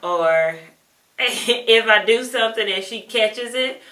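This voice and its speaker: A woman on a casual panel chat, speaking in a relaxed and teasing way. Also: fairly high pitch, slow. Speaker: co-host. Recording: echoey room, mic at a distance.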